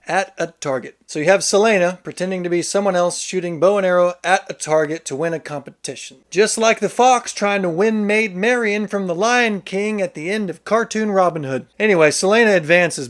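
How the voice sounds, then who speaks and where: A man summarizing a novel in a casual vlog, with joking, sarcastic asides. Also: on the high side. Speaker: book reviewer.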